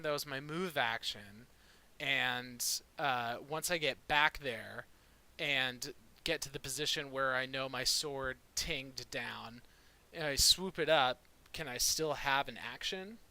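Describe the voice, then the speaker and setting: A man's voice: mid-range voice, a little slow, pushed and bright. A man playing a tabletop game, talking casually and eagerly, using slang as he describes his character's moves.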